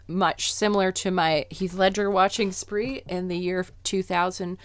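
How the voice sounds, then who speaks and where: A woman's voice: medium pitch, fairly even intonation, unhurried, no room sound, studio quality. A young adult woman co-hosting a podcast, chatting casually with enthusiastic, giggly asides. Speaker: podcast co-host. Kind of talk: casual chat.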